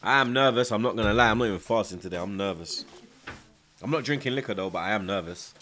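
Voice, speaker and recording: A man's voice: lowish voice, fast talker, sharp tone, a little hiss or hum. A young man, chatting casually on a live football stream, reading out viewer comments, nervous but hyped. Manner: slangy, repeats himself, reads out chat, nervous yet hyped.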